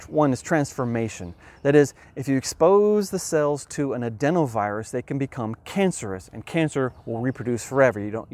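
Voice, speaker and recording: A man giving an earnest, emphatic explanatory monologue about science, with measured pauses. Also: medium pitch, darkish tone.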